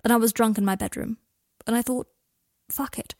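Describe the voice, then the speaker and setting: A woman reading the lines of a guarded, sharp-tongued young wizard in an audiobook of fan fiction, speaking softly and often half in a whisper. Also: a little high, steady tone, moderate pace, no room sound, studio quality, lightly acted. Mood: wry.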